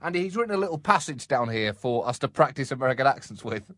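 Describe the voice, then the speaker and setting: An English man co-hosting a comic podcast, reading listener emails aloud with an animated, laughing manner. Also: mid-range voice, fast, dry recording, studio quality. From England. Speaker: podcast co-host.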